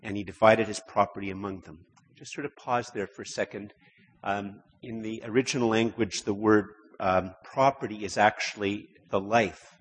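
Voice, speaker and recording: A man's voice: fairly low pitch, steady tone, normal speed, slightly rough. A man preaching a sermon in a conversational way, often repeating words and rising to emphatic stretches. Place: church. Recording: long hall reverb.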